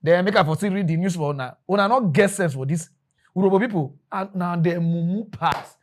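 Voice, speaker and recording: Man, Nigerian Pidgin accent, high voice, mocking rant, news commentary. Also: fairly quick. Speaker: mock news presenter.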